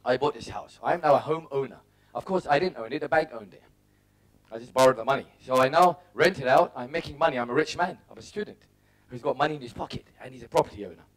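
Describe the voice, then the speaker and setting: At a quick pace and medium pitch, a middle-aged man from England delivers a motivational talk, recounting personal stories and voicing his inner thoughts in short, punchy bursts.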